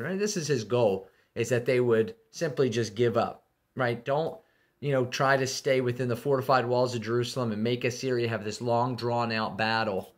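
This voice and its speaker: A man's voice: mid-range voice, normal speed. A man giving casual devotional Bible commentary in a conversational way, with frequent fillers and restarts.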